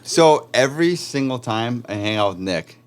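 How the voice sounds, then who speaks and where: A man's voice: mid-range voice, expressive, moderate pace, clean tone. Easygoing chatty podcast co-host man. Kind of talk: casual chat.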